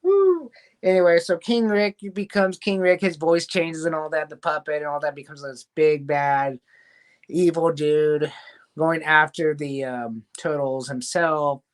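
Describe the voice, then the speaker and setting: Brief: male host, higher-pitched, rambling casual episode recap. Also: fairly even intonation, unhurried, clean tone. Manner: rambling recap, loose quoting of scenes. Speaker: show host reviewing a cartoon series. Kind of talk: casual review chat.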